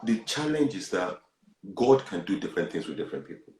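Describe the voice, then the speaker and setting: A man's voice: sits low, a little fast, a little hiss or hum. Earnest man in an echoey room. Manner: earnest, animated, swings between hushed and loud. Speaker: guest sharing a personal testimony. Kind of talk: candid testimony on a talk show.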